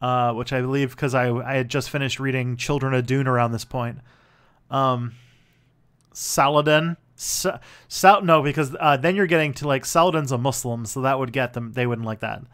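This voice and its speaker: A man's voice: mid-range voice, normal speed, a bit bright, clear, resonant tone. Guy rambling on a livestream, lots of ums and restarts, ordinary middle voice. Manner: rambling, with many fillers and restarts. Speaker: channel host. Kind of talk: casual livestream commentary.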